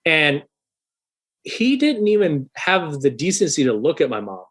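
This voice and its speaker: Animated swearing man in his thirties. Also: fairly high pitch, unhurried, breathy edge. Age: 30s. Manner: animated, swearing, acts out quoted voices loudly. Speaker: guest musician. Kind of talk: casual storytelling in a podcast interview.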